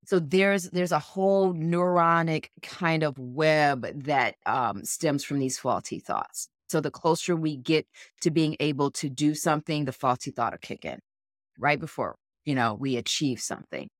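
A woman's voice: low-pitched, measured pace, dry recording, studio quality. A woman co-hosting a podcast in an earnest, encouraging coaching tone. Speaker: podcast co-host. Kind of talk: motivational casual chat.

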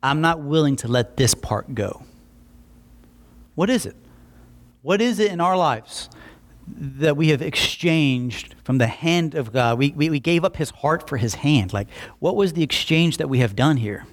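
A man preaching a Bible-teaching sermon in an animated way, acting out quick voices for emphasis. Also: a little high.

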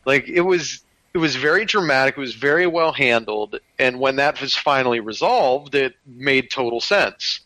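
A man's voice: mid-range voice, normal speed, hardly any pauses, pushed and bright, dry recording, low-quality recording. A man in a casual film discussion, talking enthusiastically with many restarts.

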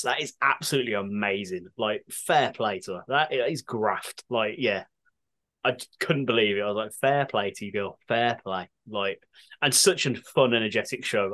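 Welsh male podcast co-host, casual, enthusiastic, mid pitch. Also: a bit bright. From England. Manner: chatty, enthusiastic, swears casually.

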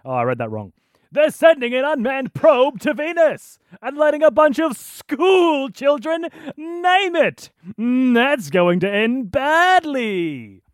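A man voicing a booming, theatrical middle-aged sitcom father in a loud, drawn-out voice. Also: sing-song, dry recording, studio quality, heavily acted. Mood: booming, amused.

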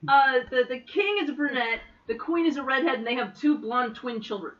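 A woman chatting on a podcast, lively and quick to laugh. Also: sits high, far from the mic. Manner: chatty, laughs often, animated. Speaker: podcast co-host. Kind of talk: casual group chat. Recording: dull lo-fi sound.

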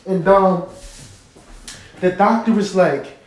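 A man casually telling a story straight to his listeners, animated and profane, often checking that they follow him. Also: sits high, measured pace. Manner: animated, profane, keeps asking listeners to agree. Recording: roomy echo.

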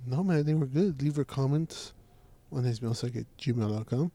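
A man co-hosting a casual, crude podcast, talking in a low-key deadpan mumble with plenty of swearing. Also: normal speed, dry recording. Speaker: podcast co-host.

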